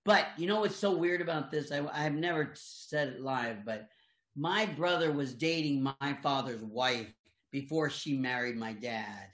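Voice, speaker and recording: A man's voice: medium pitch, a little slow, fairly bright tone. An older man, a voice actor, telling rambling, chuckling anecdotes in casual chat with many restarts. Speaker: voice actor guest. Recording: echoey room.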